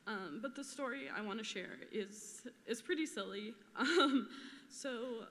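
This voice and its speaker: A woman's voice: fairly high pitch, unhurried, a bit bright. A young woman telling a memorial story casually, laughing often and filling with "like". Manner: laughing often, chatty with many fillers. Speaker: memorial speaker. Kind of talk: personal storytelling. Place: large theater. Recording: long reverb of a large hall.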